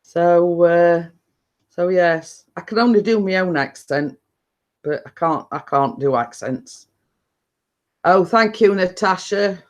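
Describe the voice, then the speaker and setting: In a mid-range voice, a middle-aged woman hosts a live stream and chats casually with viewers, laughing often and restarting her sentences.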